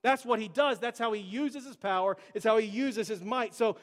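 A man with a notably high voice preaches a relaxed, conversational sermon, slipping into casual asides and voicing the quoted scripture. His words ring out with the long reverb of a church hall. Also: normal speed. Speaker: pastor.

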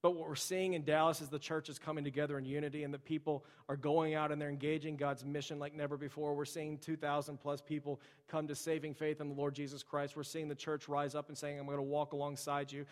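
A man in his thirties preaches a sermon in an easy, storytelling style, speaking straight to his congregation. His voice sits a little higher than most men's and rings with a long hall reverb. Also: flat delivery, quick pace, few pauses. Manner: conversational, storytelling, addresses the congregation directly. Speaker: pastor.

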